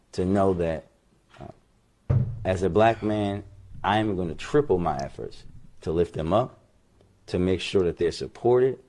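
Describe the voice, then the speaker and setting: A middle-aged man gives a public statement as a city mayor in a very deep voice. He speaks earnestly and carefully. He pauses often and fills the gaps with "uh". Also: warm tone. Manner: measured and earnest, with pauses and fillers.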